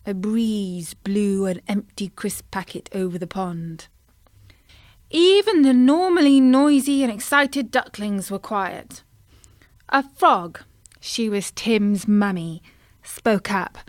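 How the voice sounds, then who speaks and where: Woman storyteller, slow and lively delivery, dry close sound. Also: mid-range voice, no room sound. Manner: gentle and expressive. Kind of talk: children's story narration.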